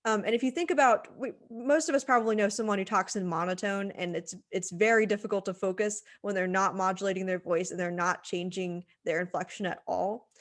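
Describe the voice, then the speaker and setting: A woman at a middle pitch teaches a lesson on presenting, speaking into a computer microphone. Her delivery is chatty and informal, full of "um"s and restarts as she explains each point. She sounds like an instructor talking to a class. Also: steady tone, a little fast, few pauses. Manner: conversational, many "um" fillers and restarts. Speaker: writing center instructor. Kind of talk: recorded lecture on presentation skills.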